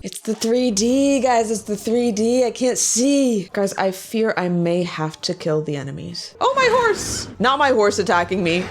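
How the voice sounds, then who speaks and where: A woman giving casual, joking gameplay commentary with quick, excitable exclamations. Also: medium pitch. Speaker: gaming video creator.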